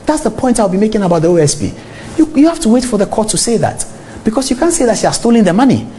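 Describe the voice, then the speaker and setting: A man's voice: high-pitched, fast talker, slight background noise. A middle-aged man with a Ghanaian English accent, hosting a TV talk show and speaking straight to his viewers. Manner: animated, talks straight to viewers. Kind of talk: on-air commentary.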